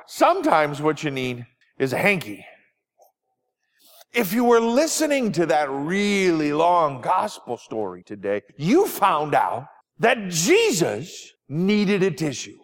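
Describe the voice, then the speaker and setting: A man giving a children's sermon as pastor, animated and sing-song, asking the kids simple questions. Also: on the high side. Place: church sanctuary. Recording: long church reverb.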